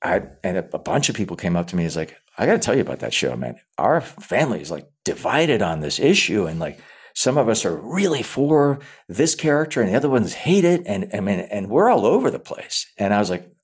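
A man, an actor, talking casually in an interview, often repeating words as he restarts and acting out quoted lines. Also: low voice. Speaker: actor guest.

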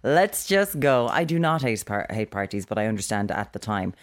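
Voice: medium pitch, lively intonation, no room sound, studio quality. Sardonic irish podcast co-host. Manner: sardonic, quick, mocking asides. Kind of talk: casual chat.

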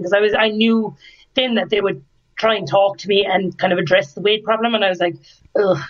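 Heard at a medium pitch through dull audio, the young Irish woman chats as a podcast guest. She animatedly narrates a story, voicing the people involved.

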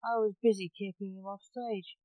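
A woman's voice: mid-range voice, steady tone, moderate pace, dry recording, phone-quality sound, lightly acted. A woman reading a teasing vampire king. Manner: teasing, laughing at others. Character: mocking male vampire king, playful.

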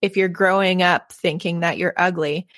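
A woman's voice: lowish voice, fairly even intonation, normal speed, a bit bright, no echo, clean studio sound. A young adult woman co-hosting a podcast in casual chat, earnest and peppering her talk with "like.". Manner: earnest, lots of "like". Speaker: podcast co-host.

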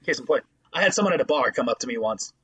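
Male podcast co-host, husky and bright, animated and foul-mouthed storyteller. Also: medium pitch, rapid-fire. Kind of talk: casual podcast chat.

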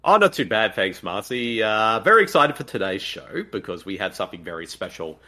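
An Australian man hosting a podcast in an upbeat, animated way, often repeating his words. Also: on the low side, a little fast. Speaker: podcast host. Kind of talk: casual chat.

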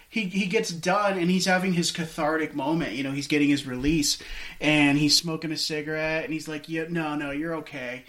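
A man with a fairly high voice talks a little fast as a podcast co-host, casually walking through a film scene. His rambling, animated retelling is full of fillers and restarts.

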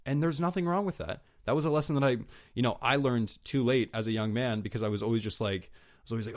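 A man's voice: mid-range voice, fast talker. A young man hosting a solo podcast, talking candidly and rambling with lots of fillers and restarts, swearing casually. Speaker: podcast host.

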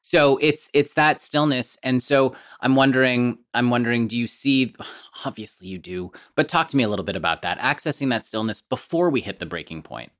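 A man hosting an interview, talking reflectively and haltingly, often repeating words as he searches for them. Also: medium pitch, lively intonation, a bit bright. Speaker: podcast host. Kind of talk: conversational interview.

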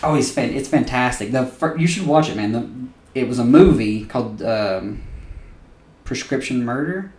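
A man's voice: medium pitch, expressive, moderate pace, darkish tone, roomy sound, far from the mic, slight background noise. A man co-hosting a podcast in casual chat, enthusiastic and loose, swearing freely as he gushes. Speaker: podcast co-host.

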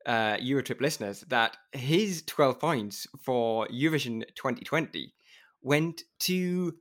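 A man's voice: medium pitch, lively intonation, unhurried, fairly bright tone. Playful male podcast host. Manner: playful, teasing. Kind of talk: casual podcast chat.

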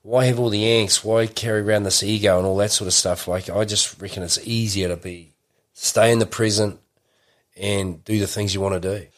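A man's voice: lowish voice, fairly even intonation, moderate pace. A middle-aged man, talking in a rambling way full of fillers and restarts in a casual interview. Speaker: podcast guest.

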